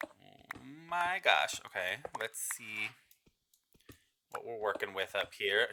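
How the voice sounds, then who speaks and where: A gaming video creator giving casual gameplay commentary, chatty and excitable, talking straight to viewers and swinging between nervous muttering and loud outbursts. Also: medium pitch, slight background noise.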